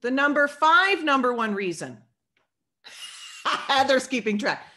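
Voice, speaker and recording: A woman giving an energetic motivational talk on sales to her team, preachy in tone and playing out sales dialogue as she goes. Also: sits high, slow pace.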